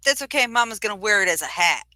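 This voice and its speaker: A woman's voice: mid-range voice, animated, fast, pushed and bright, no echo. A woman playing a tabletop game, brash and joking. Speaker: player. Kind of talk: casual tabletop play.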